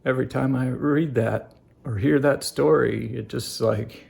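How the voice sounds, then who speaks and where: Middle-aged vlogger dad, very gravelly voice, earnest and halting, many ums, speaks straight to camera. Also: male voice, mid-range voice, steady tone, a little mellow. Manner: halting, many fillers and restarts; earnest, addresses viewers directly. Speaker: family life vlogger. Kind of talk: casual reflective monologue.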